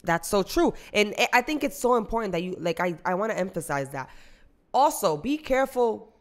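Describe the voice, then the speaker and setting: A woman's voice: mid-range voice, sing-song, brisk. A woman co-hosting a podcast, chatting casually, giving emphatic, slangy advice. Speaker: podcast co-host. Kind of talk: casual chat.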